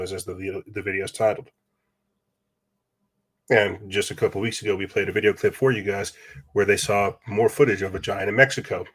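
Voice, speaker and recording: A man hosting a podcast, talking in a rambling casual monologue with restarts and rhetorical questions. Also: lowish voice. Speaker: podcast host.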